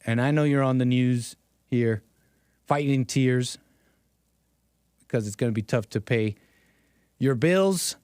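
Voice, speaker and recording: A man's voice: medium pitch, slow pace, pauses often, darkish tone, clear, resonant tone, no echo, studio quality. A man hosting a political commentary livestream, talking sarcastically to his chat and chuckling often. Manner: talks straight to chat. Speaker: livestream host.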